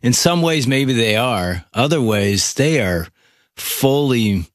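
A man's voice: medium pitch, animated, takes it slowly, no echo. A male talk show host speaks in a thoughtful, conversational way, reflecting on what his guest has said. His voice sits in a middle range, and the recording is dry. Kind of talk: radio talk show discussion.

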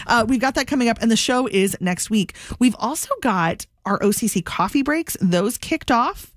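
Excitable woman co-host, animated pitch, close dry mic. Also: moderate pace, dry recording. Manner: bubbly, excitable, lively pitch swings. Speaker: radio co-host. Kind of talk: upbeat radio banter.

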